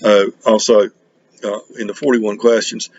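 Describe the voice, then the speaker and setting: A middle-aged man from North Carolina, chatting casually on his record vlog in a halting, rambling way full of restarts. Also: lowish voice, little pitch movement, darkish tone, breathy edge, highs cut off. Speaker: record collecting vlogger. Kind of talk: casual chat.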